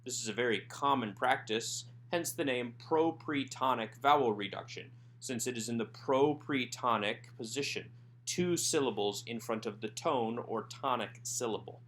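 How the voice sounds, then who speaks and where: A man teaching Biblical Hebrew grammar in a recorded workbook lesson, explaining step by step and slowing down to sound out each word. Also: mid-range voice, fairly bright tone, slight background noise. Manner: methodical, slows down to sound out Hebrew words. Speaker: Hebrew instructor.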